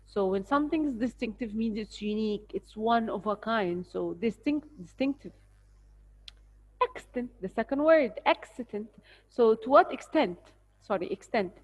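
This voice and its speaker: A woman's voice: fairly high pitch, expressive, moderate pace, hardly any pauses, a little mellow. An Egyptian-accented woman teaching English vocabulary, explaining words patiently and spelling them out letter by letter. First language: Arabic. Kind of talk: recorded spelling lesson. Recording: dull lo-fi recording.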